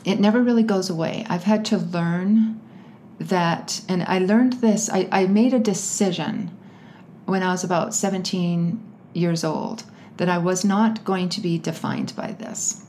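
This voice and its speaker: Guest: woman, lowish voice, earnest and halting, slight background hiss. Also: darkish tone. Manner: earnest, halting, with nervous laughs. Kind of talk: personal storytelling in conversation.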